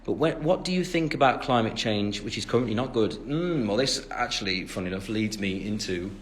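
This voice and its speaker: A lowish, animated voice moving a little fast belongs to a man from England in his twenties, casually livestreaming on his phone. He rambles through fan comments with plenty of fillers, joking about himself.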